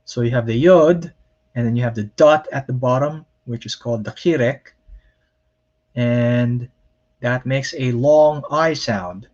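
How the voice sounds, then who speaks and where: A man gives a recorded language lesson at an unhurried pace, with frequent ums and pauses as he explains each point. His voice sits in a middle range. The recording sounds somewhat muffled and lo-fi. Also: mid-range voice, a little mellow. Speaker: Hebrew lecturer. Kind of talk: recorded lecture.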